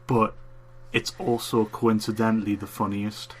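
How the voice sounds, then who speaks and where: A man's voice: lowish voice, level tone, a little slow, a little hiss or hum. A man co-hosting a review show in casual chat, laid-back, blunt and often laughing. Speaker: co-host giving his rankings.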